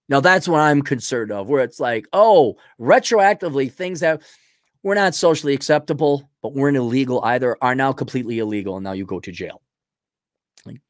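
A man's voice: fairly high pitch, no room sound, clean studio sound. A man giving a blunt, rambling, opinionated monologue in casual chat, acting out little dialogues with himself.

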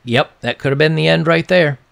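Reaction host, male, gravelly voice, sarcastic and casual. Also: fairly high pitch, fairly quick, a bit bright. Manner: sarcastic and mocking. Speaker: reaction video commentator. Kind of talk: casual commentary.

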